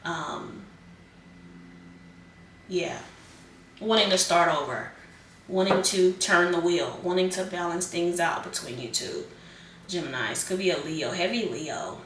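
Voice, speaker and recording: A woman's voice: lowish voice, a bit bright, reverberant, distant mic, slight background noise. A woman giving a casual tarot reading, chatty and rambling, with many fillers and repeated phrases. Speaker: tarot reader.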